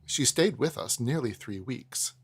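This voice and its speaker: A man cold-reading a classic novel aloud in first person, expressive, with chatty asides to listeners. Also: medium pitch, unhurried, breathy edge. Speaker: audiobook narrator.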